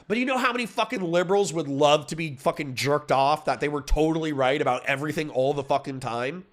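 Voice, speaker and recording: A young man argues hard in an online debate. His voice sits fairly high, and his delivery is blunt, profane and rapid-fire. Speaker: debater and streamer.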